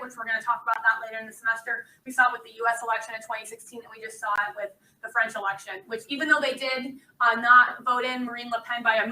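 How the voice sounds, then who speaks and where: A woman's voice: on the high side, bright, forceful tone. A woman teaching a class in a casual, chatty lecture style, with many ums and uhs, recorded in a classroom from a distance. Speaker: instructor.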